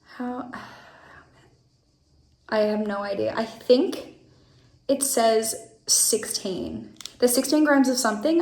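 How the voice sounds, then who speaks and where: A woman's voice: a little high, a little mellow, breathy edge. A young Australian woman vlogging casually on her phone, chatty and bubbly, a bit stuffy with a runny nose. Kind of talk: casual travel vlog. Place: outdoors at night, walking home.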